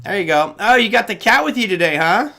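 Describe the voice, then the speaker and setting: A man's voice: high-pitched, animated, brisk, gravelly, sharp tone. A man hosting a casual live trading show, talking in a chatty, loose way and often correcting himself. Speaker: host. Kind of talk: casual livestream talk.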